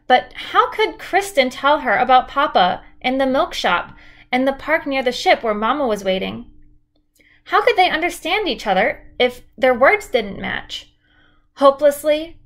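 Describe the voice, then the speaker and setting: A woman teacher reading a children's chapter book aloud in a steady, clear storytelling manner. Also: high-pitched.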